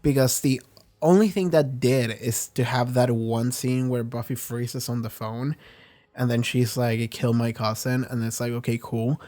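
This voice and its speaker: A man talks through his thoughts on an episode in a loose, rambling way, swearing casually and restarting his sentences. His voice sits at an ordinary middle pitch for a man. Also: steady tone, measured pace, mellow. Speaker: reaction video host. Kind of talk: casual spoken review.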